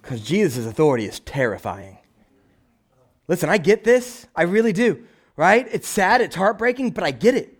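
A man preaching a sermon, animated and conversational, acting out little voices and asking "right?" again and again. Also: high-pitched, normal speed. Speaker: pastor.

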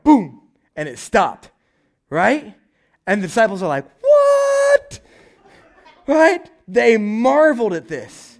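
A young adult male pastor preaching a conversational sermon, animated, often asking "right?" and acting out quotes. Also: on the high side.

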